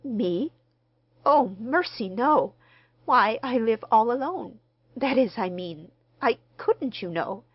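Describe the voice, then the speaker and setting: A woman's voice: on the high side, sing-song, takes it slowly, breathy edge, dry recording, dull audio, voice pushed up, full character voice. A woman reading the part of a shy, flustered spinster dressmaker who stammers. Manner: stammering, eager, homely speech.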